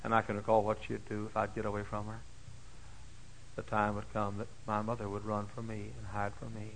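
An older man preaching a folksy sermon. He tells stories dramatically, moving from hushed asides to high, shouted exclamations. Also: monotone, fairly quick, gravelly, slight background noise, rough recording. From Dallas, Texas. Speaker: pastor. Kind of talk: sermon with personal storytelling. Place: church.

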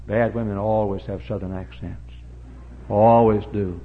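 A middle-aged pastor preaching a revival sermon, dropping to low murmurs and then rising to shouted, high-pitched cries. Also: male voice, fairly even intonation, moderate pace. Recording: dull lo-fi sermon recording.

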